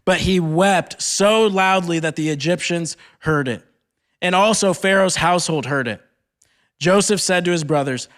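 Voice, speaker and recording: High-voiced young man preaching casually. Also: moderate pace, fairly bright tone. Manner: casual retelling peppered with "like". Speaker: speaker at a campus ministry retreat. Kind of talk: sermon mixing scripture reading and casual retelling.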